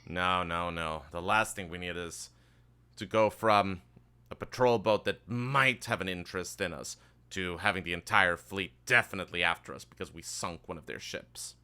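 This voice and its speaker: A man voicing a weary, gruff sea captain in a tabletop game, grumbling and swearing. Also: sits low, normal speed, sharp tone. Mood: wary. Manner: grumbling, profane, worried.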